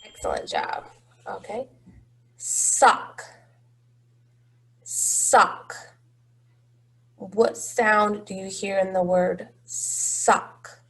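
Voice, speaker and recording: A woman's voice: medium pitch, steady tone, very slow, creaky, pauses often, slightly rough. A woman teaching a phonics lesson to young children, patient and encouraging, drawing out each word.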